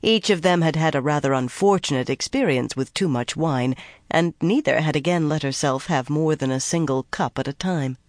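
An audiobook narrator reading a fantasy novel in a measured, even storytelling manner. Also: mid-range voice, no room sound, studio quality. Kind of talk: scripted narration.

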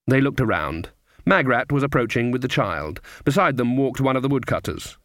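A man narrating an audiobook in a measured, deliberate storytelling manner. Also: medium pitch, expressive, fairly bright tone, dry recording, studio quality.

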